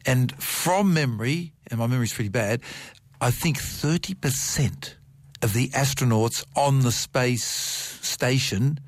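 A middle-aged man talking science on radio, animated and piling up vivid examples. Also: mid-range voice, unhurried, no room sound. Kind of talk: enthusiastic radio science chat. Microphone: studio microphone.

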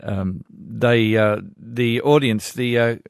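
An Australian man hosting a casual radio show, chatting relaxed and reading listener letters. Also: medium pitch, slow, no echo, clean studio sound. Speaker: radio host. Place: radio studio.

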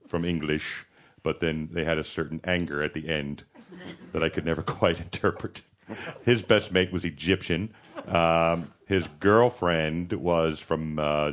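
A man with a slight lisp telling a rambling comic story on stage, laughing at himself as he goes. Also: deep voice. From from overseas. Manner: rambling, animated, laughing at his own story. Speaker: comedian guest.

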